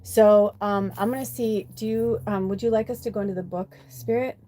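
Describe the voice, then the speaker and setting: A woman hosting a spiritual live stream from home, speaking into a webcam mic. She talks in a loose, animated way, swearing freely and leaning on fillers. Her pitch sits in a middle range. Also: normal speed, slight background noise. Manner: animated and profane, many fillers, quotes voices in mock tones. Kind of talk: casual live stream chat with tarot reading.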